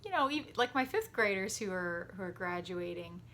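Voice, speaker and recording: A woman music teacher giving a warm, patient lesson to children from her home over a computer microphone, chatty and quick to laugh. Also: medium pitch, expressive, a little hiss or hum. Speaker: elementary school music teacher. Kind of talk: gentle, encouraging virtual lesson for children.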